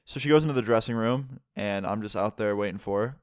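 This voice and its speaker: A man's voice: on the low side, fast talker, smooth, no echo, studio quality. A man telling a personal story in a casual storytime vlog. He talks candidly, swears freely, fills his speech with "like" and acts out the other people in the story. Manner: animated retelling, voices the other people in the story.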